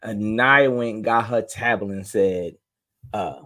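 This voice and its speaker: A man co-hosting a casual podcast, telling animated stories and acting out his parents' voices. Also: fairly low pitch, a little slow. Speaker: podcast co-host. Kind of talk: casual chat.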